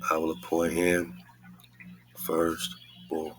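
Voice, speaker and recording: A man's voice: extremely low pitch, completely flat delivery, slow, fairly bright tone. A man hosting a casual podcast, reading scripture aloud and commenting in a laid-back way with frequent laughs. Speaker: podcast host.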